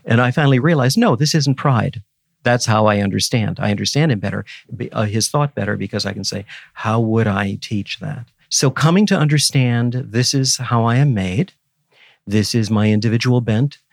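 A man's voice: mid-range voice, fairly quick, creaky, dry recording, clean studio sound. A man in his seventies, a guest scholar in an interview, talking in an earnest, teacherly and emphatic way. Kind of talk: reflective interview conversation.

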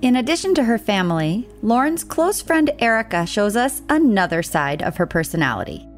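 A woman narrating a true-crime documentary in a measured, scripted storytelling delivery. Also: fairly high pitch, big pitch swings, faint music behind.

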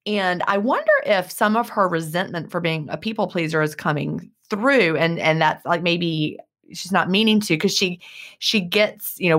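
A woman with a somewhat low voice co-hosting a casual advice talk. She works through her thoughts in a reflective way and breaks into a light laugh between points. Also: normal speed, a bit bright.

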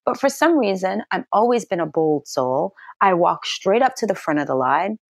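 A middle-aged actress telling a personal story in an interview, animated and acting out what people said in a high, excited voice. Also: female voice, normal speed, vocal fry, no echo, studio quality. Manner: lively storyteller who acts out quotes in a high excited voice.

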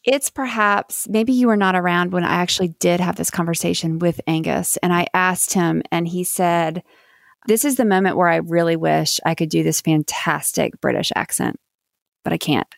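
An American woman co-hosting a podcast, chatting casually, quick to laugh and joke at herself. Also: lowish voice, fairly even intonation, gravelly, no echo, studio quality. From United States. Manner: chatty, self-deprecating, laughs often. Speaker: podcast co-host. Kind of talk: casual chat.

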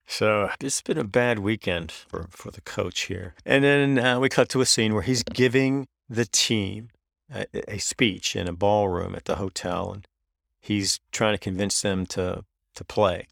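A man with a somewhat low voice recaps a movie in a casual, wry way. He quotes the characters with mock emphasis and sarcastic asides. The sound is close and dry, with no room around it. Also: gravelly, a bit bright, dry recording. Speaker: podcast host. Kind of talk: casual film recap and commentary.

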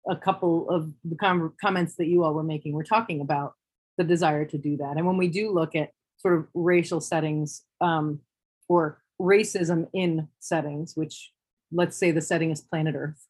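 A woman talking in a relaxed discussion, thoughtful and wry, often restarting her sentences. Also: fairly low pitch, slightly rough. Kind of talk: casual discussion.

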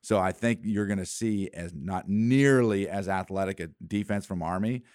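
A man's voice: deep voice, moderate pace, dry recording, studio quality. A man co-hosting a sports talk show, telling stories and acting out plays. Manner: storytelling, animated when acting out plays.

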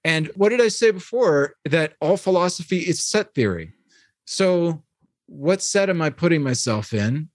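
A man in his thirties talks at length as a podcast guest, his fairly high voice racing through philosophical tangents with plenty of "like" and "you know." The sound is dry and close, with no room echo. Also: animated. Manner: fast, discursive and philosophical, with frequent "like" and "you know". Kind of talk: casual long-form conversation.

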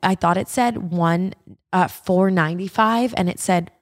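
A woman in her thirties hosts a podcast, chatting casually in a voice on the low side and at a slightly slow pace. She tells stories animatedly, swearing and using lots of fillers.

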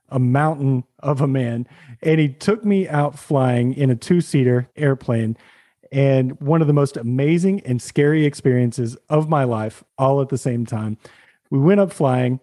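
A man, a podcast host, telling a lively anecdote in casual chat. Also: medium pitch. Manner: animated anecdote telling with laughs.

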